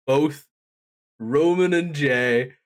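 Excitable man retelling a show. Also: very slow. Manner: acts out quotes with big jumps in pitch; laughs as he talks. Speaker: podcast co-host. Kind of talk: animated play-by-play recap.

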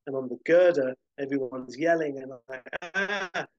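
A man hosting a podcast, casually rambling through a film pitch scene by scene with lots of fillers. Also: fairly quick, a little mellow, no room sound, lo-fi sound. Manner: rambling, many fillers and restarts, vivid scene-by-scene description.

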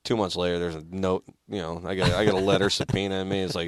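A man's voice: low voice, little pitch movement, quick pace, dry recording, studio quality. A man guesting on a radio show, telling road stories with lots of swearing and laughter. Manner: swears freely, laughs through his stories. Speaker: band member guest. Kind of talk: casual storytelling chat.

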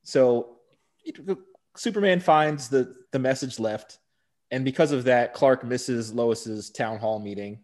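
A man's voice: medium pitch, slow. Podcast guy walking through the plot, middle voice, keeps saying right right. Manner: steady recap, frequent "right" agreements. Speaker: podcast co-host. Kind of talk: casual chat recapping a TV episode.

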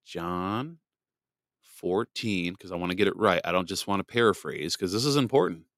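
Chatty low-voiced man hosting a podcast. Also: lively intonation, normal speed, fairly bright tone, no echo, clean studio sound. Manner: rambling, chatty, greets listeners in the live chat. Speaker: podcast host. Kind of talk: casual live podcast chat.

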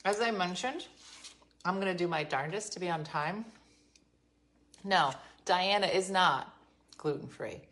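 A woman with a low-pitched voice talks to her viewers on a livestream from her home. She tells stories in a chatty, exasperated way, with quick asides. She is recorded on a phone. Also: fairly bright tone. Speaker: livestream host. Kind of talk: casual live chat with viewers. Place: her home, being renovated.

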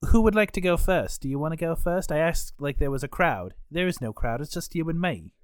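A man's voice: a little high, animated, fairly quick, smooth, dry recording. A young man co-hosting a podcast, chatting casually with dry, wry humor. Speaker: podcast co-host. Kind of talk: casual chat.

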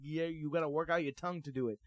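A man with a fairly high voice chats about movies in a laid-back way. He swears freely and laughs often. His voice is dry and close to the mic. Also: fairly even intonation, quick pace, dry recording. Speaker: podcast co-host. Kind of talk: casual chat about movies.

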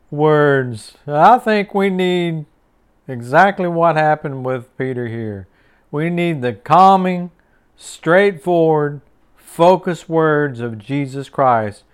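A man's voice: a little high, smooth. A man hosting a short devotional sermon in a folksy, repetitive way, chuckling often. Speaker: devotional host.

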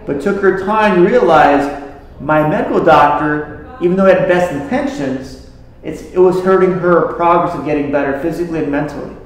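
A man with a slightly high voice talks casually to a group and tells stories about the patients he treats. He speaks in a conversational way. The recording has a lot of echo, like a big bare room. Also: normal speed. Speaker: health practitioner treating patients. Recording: very echoey room.

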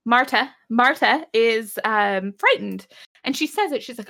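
A young woman with a fairly high voice recaps a TV episode for a friend. She laughs often and jumps into little quoted bits of dialogue as she tells it. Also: a little slow, gravelly. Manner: giggly, animated retelling. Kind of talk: casual chat recapping an episode.

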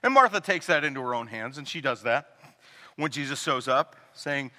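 A man preaching a sermon as pastor, animated and joking, acting out the people he quotes. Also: medium pitch, moderate pace. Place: church sanctuary. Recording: long hall reverb.

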